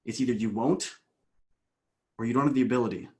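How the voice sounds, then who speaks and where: A man in a podcast interview, a coach recounting a session at length. His voice sits mid-pitch, and he moves from quick excited bursts to quiet, hushed asides. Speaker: guest, coach.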